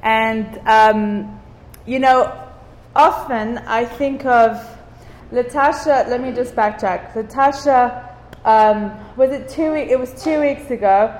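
A woman from Cyprus speaks slowly in a slightly high voice, leading an informal devotional talk for a small group. She draws her listeners in with questions and repeats words for emphasis, recorded in a roomy hall with long reverb.

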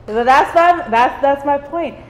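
A woman's voice: high-pitched, measured pace. A woman from Cyprus leading an informal devotional talk for a small group. She engages her listeners with questions and repeats words for emphasis. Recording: roomy hall with long reverb.

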